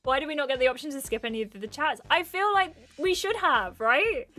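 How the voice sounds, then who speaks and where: A woman's voice: high voice, expressive, pushed and bright. A woman streaming a dating game, chatting casually and giggling at her own choices. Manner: giggly and chatty, quick to laugh. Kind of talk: casual livestream commentary.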